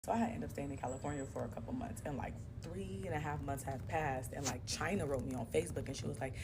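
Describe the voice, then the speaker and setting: Fast-talking woman telling a profane story. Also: deep voice, noisy background. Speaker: vlogger. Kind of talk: story-time vlog.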